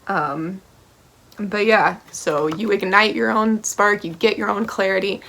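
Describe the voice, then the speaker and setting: Blunt, fiery woman with vocal fry. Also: mid-range voice, steady tone, a little slow, fairly bright tone, a little hiss or hum. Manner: blunt, passionate, swears freely, keeps checking in with "okay?" and "right?". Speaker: tarot reader. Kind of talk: pick-a-card tarot reading to camera.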